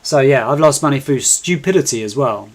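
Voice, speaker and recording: A man talks through a live stream in a chatty, self-mocking way, keeping the patter going and coaxing his viewers to join in. His voice sits at an ordinary middle pitch for a man. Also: expressive, fairly quick. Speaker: trading live-stream host. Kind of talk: casual live-stream chat.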